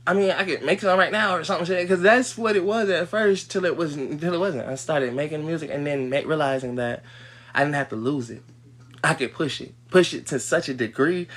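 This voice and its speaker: A man on a livestream, ranting in a heated, profane way, dropping to low mutters and then breaking into loud outbursts. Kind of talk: livestream rant.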